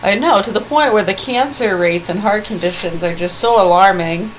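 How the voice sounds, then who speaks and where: A woman's voice: medium pitch, moderate pace, a little hiss or hum, low-quality recording. A woman ranting angrily into her phone video, confrontational and profane. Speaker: vlogger. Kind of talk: angry direct-to-camera rant.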